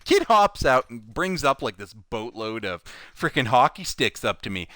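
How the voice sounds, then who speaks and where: A man chatting casually on a live stream, telling a work story with lively swings between loud and soft and acting out the people in it. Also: medium pitch, normal speed, dry recording.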